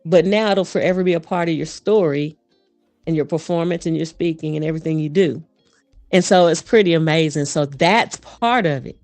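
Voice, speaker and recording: Woman voice coach chatting, animated n quick, dry sound, faint music behind. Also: sits low, no room sound. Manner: animated, fast storyteller. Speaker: guest, voice coach and performer. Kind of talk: casual interview.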